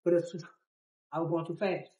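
A woman biker telling the story of her ride in a group interview, dramatic and acting out quotes, swinging from loud to hushed. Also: sits low, fairly even intonation, normal speed, echoey room, far from the mic, poor audio.

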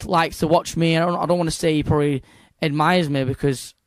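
A young man with a Manchester accent tells his stories with eager, breathless enthusiasm, stumbling and restarting as he goes. His voice sits slightly high, and the sound is close and dry. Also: a little fast, no echo. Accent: Northern English, Manchester. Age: young adult. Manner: excitable, rambling with restarts and local slang. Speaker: guest, young fighter. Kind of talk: casual interview chat.

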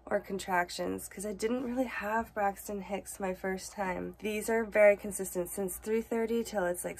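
A woman's voice: medium pitch, a little mellow, slightly rough. Congested woman chatting casually. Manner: chatty, many filler "like"s. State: congested from a cold. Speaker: mother vlogging her home birth. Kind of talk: casual vlog and voice-over commentary.

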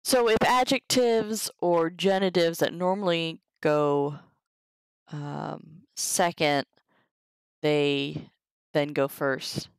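A woman reading through a Latin textbook on a live stream, sounding out the Latin slowly and chatting casually to viewers between sentences. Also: low-pitched, fairly even intonation, clean tone, no room sound, low-quality recording. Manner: reads Latin aloud slowly, chatty asides. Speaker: streamer teaching herself Latin.

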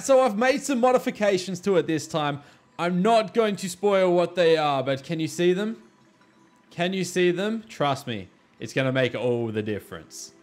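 Excitable, high-pitched gaming commentator man. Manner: loud, exclaiming, often shouting and laughing at the game. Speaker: gaming video creator. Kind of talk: excited let's-play commentary.

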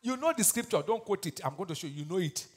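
A man preaching a fiery sermon as pastor, breaking into loud shouted peaks and reciting scripture. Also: high-pitched, lively intonation, fast talker. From Nigeria. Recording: long hall reverb.

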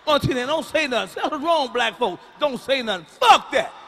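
Male stand-up comic, high and bright, profane and emphatic, live venue recording with faint noise. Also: lively intonation, normal speed. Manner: profane, emphatic, shouting punchlines. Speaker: stand-up comedian. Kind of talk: stand-up comedy routine. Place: large concert venue.

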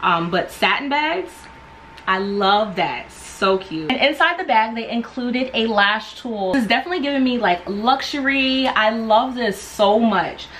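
A woman vlogger excitedly unboxing products and gushing over each item. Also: fairly high pitch, a little slow, a little hiss or hum, low-quality recording. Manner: gushing, enthusiastic.

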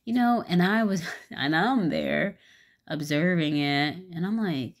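Deep-voiced woman telling a rambling story. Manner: rambling, halting, with many fillers; frank, swears casually. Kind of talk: casual storytelling vlog.

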